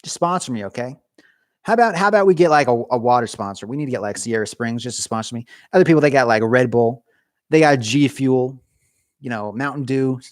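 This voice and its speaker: A male livestreamer chats loosely with his viewers, drifting from joke to joke and making fun of himself. He's cold, sitting in his home garage, and his mid-pitched voice is a little fast, sounding close and dry without any room echo.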